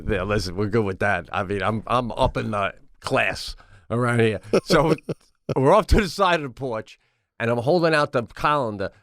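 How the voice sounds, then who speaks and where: A man co-hosting a podcast, telling a story in casual chat, animated and swearing, acting out other people in raised voices, recorded in a home studio. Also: mid-range voice, no echo. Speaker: podcast co-host.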